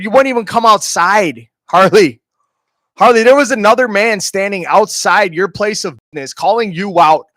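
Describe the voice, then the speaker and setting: A man's voice: sits high, a bit bright, dry recording, studio quality. A man from Minnesota hosting a stream, ranting in a heated, profane and taunting way. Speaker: streamer host. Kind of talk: ranting commentary.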